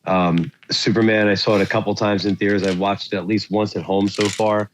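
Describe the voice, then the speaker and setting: A man's voice: on the low side, little pitch movement, fairly quick, noisy background. A man co-hosting a movie podcast, chatting casually and rambling with lots of fillers as he searches for words. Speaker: podcast co-host. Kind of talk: casual chat about movies.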